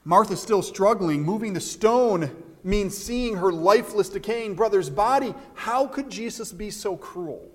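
A man preaching a sermon as pastor, animated, stumbling over restarts and acting out the quoted voices. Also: high voice, a little slow. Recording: long hall reverb.

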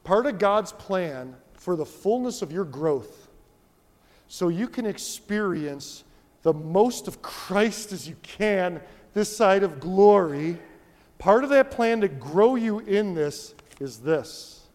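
Male pastor, high voice, animated sermon delivery, long church reverb. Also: takes it slowly. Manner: animated, repeats for emphasis.

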